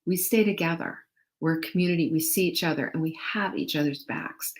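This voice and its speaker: Lively, encouraging woman host with a low voice. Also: fairly quick. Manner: warm, animated, chatty and encouraging, reads viewer comments. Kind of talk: casual motivational talk to viewers.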